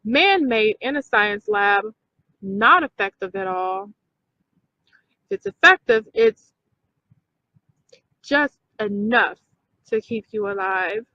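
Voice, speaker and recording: A woman's voice: mid-range voice, animated, takes it slowly, long pauses, bright, forceful tone, dry recording, dull audio. A woman hosting a casual talk video for her viewers, emphatic, repeating points and checking in with "okay?". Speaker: video host.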